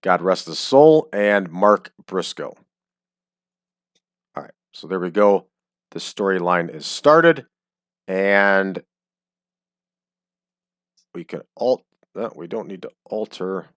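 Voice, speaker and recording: A man with a low, expressive voice speaks slowly and pauses often as he plays a game and chats casually, though hiccups keep interrupting. He's a streamer who jokes and ums frequently, recorded on a desk mic with clean studio sound and no room tone.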